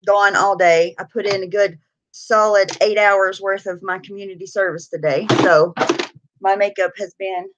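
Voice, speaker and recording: A woman's voice: mid-range voice, steady tone, normal speed, dull audio, noisy background. A tired woman talks casually on her live stream, greeting viewers one by one and chatting. She laughs easily and keeps a loose, gossipy tone.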